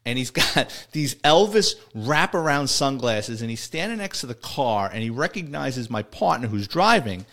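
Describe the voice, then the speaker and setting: A middle-aged man spins stories from his police days. His pitch sits in the middle of the male range. He rambles, restarts his sentences and chuckles as he goes. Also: very animated, moderate pace, few pauses, fairly bright tone. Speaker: retired police officer. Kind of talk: casual storytelling.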